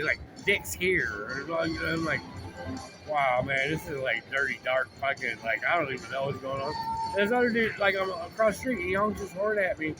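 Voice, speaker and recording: Brief: man, slightly high voice, rambling profane storyteller, music clearly behind. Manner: rambling, profane, full of "like" and restarts. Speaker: vlogger.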